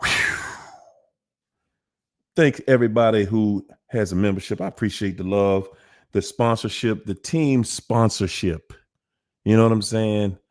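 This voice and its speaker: A man hosting a livestream Q&A, greeting viewers one by one in a drawn-out hype-man manner with sudden whoops. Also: lowish voice, steady tone, darkish tone. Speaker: livestream host.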